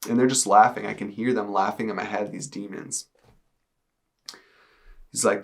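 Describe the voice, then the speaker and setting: A young man telling his personal testimony in earnest, halting speech with many fillers. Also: on the low side, steady tone, vocal fry. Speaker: testimony speaker.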